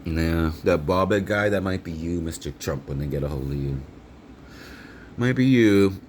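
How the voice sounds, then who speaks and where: A man's voice: low-pitched, moderate pace, darkish tone, slight background noise. A man rambling angrily and profanely in a monologue vlog, outdoors. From Canada. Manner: angry, profane ranting. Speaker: vlogger.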